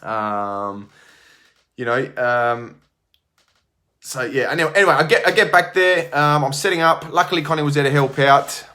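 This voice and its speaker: Rambling gym owner. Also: male voice, a little high, normal speed, pushed and bright. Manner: rambling, many fillers and restarts. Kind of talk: casual storytelling to camera.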